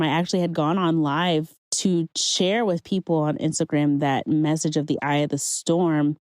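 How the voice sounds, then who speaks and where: A woman's voice: low-pitched, a little mellow, no room sound. A woman hosting her own podcast, telling a personal faith story in an earnest, conversational way and encouraging her listeners. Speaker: podcast host. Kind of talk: personal testimony monologue.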